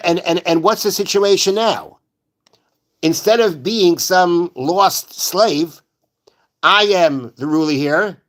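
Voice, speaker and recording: Male Torah class teacher, a bit high-pitched, builds his point through repeated questions. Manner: explains step by step, repeating rhetorical questions; mixes Hebrew verse quotations into plain talk. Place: synagogue study hall.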